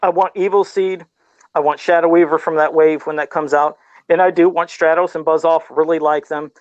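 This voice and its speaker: A man's voice: on the high side, flat delivery, a little fast, no room sound, lo-fi sound. Rambling self-deprecating man guest. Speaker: guest, custom figure sculptor. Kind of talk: casual podcast chat.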